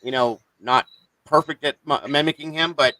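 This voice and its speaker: A man's voice: fairly high pitch, moderate pace, bright, forceful tone, no echo, poor audio. A man hosting a live stream, ranting in an irritated, profane, rambling way to his viewers. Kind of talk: casual live-stream rant.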